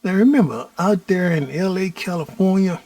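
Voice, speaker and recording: A middle-aged man from Houston, Texas, telling his own story as host in a slow preaching cadence that keeps addressing the listeners as "y'all". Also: high voice, darkish tone. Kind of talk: personal storytelling monologue.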